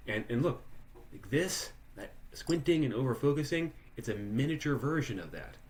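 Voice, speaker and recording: A man's voice: mid-range voice, lively intonation, normal speed, darkish tone, slight background noise. A man leading a live workshop for musicians, talking conversationally with many restarts and questions to participants. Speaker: workshop leader. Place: online live workshop, video call.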